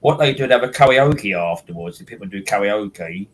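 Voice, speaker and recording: A man's voice: fairly low pitch, animated, brisk, poor audio. A man, hosting a casual chat and rambling with many restarts and repeated words. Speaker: host.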